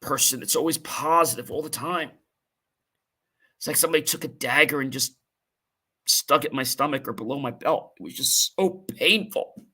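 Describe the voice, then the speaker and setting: A man hosting a podcast, telling a painful personal story in an earnest, emotional, halting way with many fillers. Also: medium pitch, pushed and bright. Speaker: podcast host.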